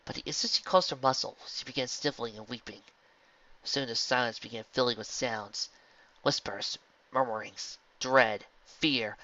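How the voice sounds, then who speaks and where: A man narrating fan fiction in a steady, earnest storybook reading. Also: medium pitch, moderate pace, lo-fi sound.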